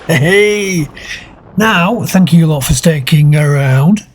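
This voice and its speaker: A man delivers sarcastic video commentary in a slow, unhurried drawl. His voice is husky, and he stretches out his mocking asides. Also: fairly high pitch. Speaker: commentary channel host.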